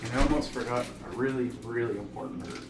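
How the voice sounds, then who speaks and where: A man with a medium-pitched voice and a quick pace explains a recipe as he cooks in his home kitchen. He hosts a home cooking channel and chats casually with a friend next to him. Pots, pans and dishes clatter throughout the noisy, echoey recording, which was made with a distant mic.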